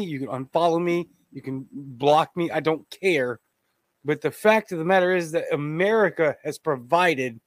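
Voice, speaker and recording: A man hosting his own podcast and ranting bluntly, his voice pitched a little above the usual male range. The sound is dry and close, with almost no room around it. He stops the clip again and again to jump in with indignant opinions. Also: no room sound. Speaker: podcast host. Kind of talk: opinionated live podcast commentary.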